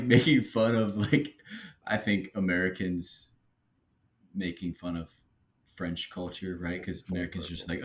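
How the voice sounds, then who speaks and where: A man with a very low voice chats loosely about a reality show episode. He hesitates often, trails off and circles back to his point. His delivery stays easygoing. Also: level tone, a little slow, pauses often. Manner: rambling, lots of fillers and hesitation. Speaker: podcast co-host. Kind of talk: casual recap chat.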